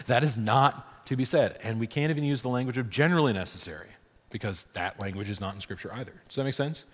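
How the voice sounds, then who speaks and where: A man's voice: medium pitch, fast. A man, a priest, teaching a church catechesis class in a conversational way, often checking in with "right?". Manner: conversational, frequent "right?" checks, laughs, restarts. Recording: long hall reverb.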